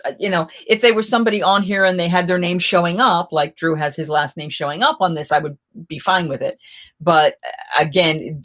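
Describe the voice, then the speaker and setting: A woman's voice: on the low side, fairly bright tone. A middle-aged woman hosting a casual live chat, telling stories in a rambling, chatty way with many restarts. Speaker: live chat host, festival performer.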